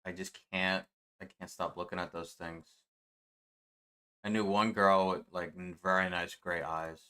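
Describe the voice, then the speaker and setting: Male streamer, casual reaction chat, laughs easily, bright tone. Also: low-pitched, steady tone, unhurried. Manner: chatty, laughing, sing-song asides.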